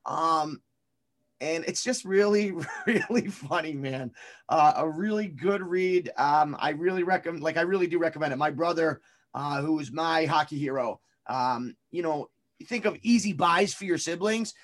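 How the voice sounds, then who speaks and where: High-voiced man, rambling co-host. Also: normal speed. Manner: rambling, hesitant, many fillers and restarts. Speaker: podcast co-host. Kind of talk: casual chat.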